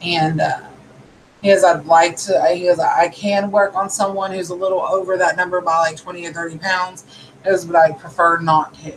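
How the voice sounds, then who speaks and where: A woman's voice: lowish voice, level tone, normal speed, a little hiss or hum, rough recording. A woman in her thirties casually telling a story, rambling and retelling a conversation with lots of "he goes". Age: 30s.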